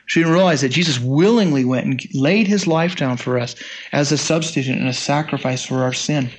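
A man's voice: medium pitch, fairly quick, a little hiss or hum. A man in his sixties preaching a sermon in a conversational, folksy way, with frequent restarts and asides. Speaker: pastor.

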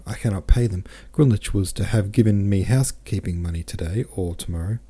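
A man voicing a flustered, distraught young woman in a read-aloud novel, asking anxious, hurried questions. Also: low-pitched, mellow, husky. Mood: distracted.

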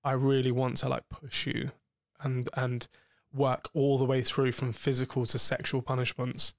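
Rambling man, flat delivery. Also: medium pitch, moderate pace, gravelly, no echo, studio quality. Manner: rambling, explicit, many fillers and restarts. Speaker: podcast co-host. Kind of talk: frank casual chat about sex.

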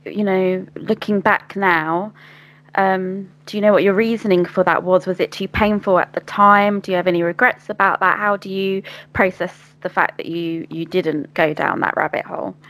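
A woman interviewing a guest, asking gentle, encouraging questions and adding soft murmurs of agreement. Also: mid-range voice, fairly even intonation, normal speed.

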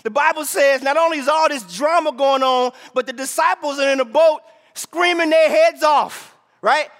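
A male pastor preaches in a very high, bright voice, pulling the congregation in with repeated "right?" calls. He swings between shouted lines and quieter asides. Long reverb from a large hall trails every phrase. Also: moderate pace. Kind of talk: sermon.

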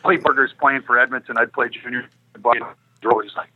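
A middle-aged man telling a lively hockey story on a podcast, laughing and acting out what people said. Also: mid-range voice, a little fast, narrow, tinny audio. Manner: animated, laughing, acting out quotes. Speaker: guest storyteller, former hockey player.

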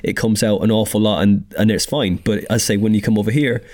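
A male host with a fairly low voice muses his way through thoughts. He talks loosely and leans on "like" and "you know" as he goes. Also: fairly even intonation, fast talker, a little mellow. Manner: musing, filler-heavy, lots of "like". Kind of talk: casual chat.

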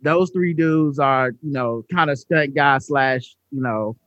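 A man's voice: medium pitch, takes it slowly, a bit bright, no room sound, lo-fi sound. A man co-hosting a casual podcast, cracking jokes and talking over others. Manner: joking, wisecracking.

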